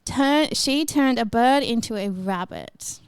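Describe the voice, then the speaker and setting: A woman's voice: a little high, expressive, takes it slowly, smooth, no room sound. A young woman with an Australian accent co-hosting a casual podcast, rambling and hesitant as she explains. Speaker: podcast co-host. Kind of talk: casual chat.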